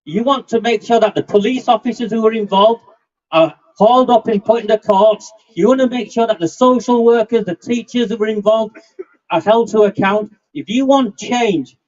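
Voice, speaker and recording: A man's voice: high voice, moderate pace, a little mellow. A man, giving an angry, defiant speech at an outdoor demonstration. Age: 50s. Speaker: rally speaker. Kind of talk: impassioned outdoor rally speech. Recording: muffled lo-fi outdoor recording.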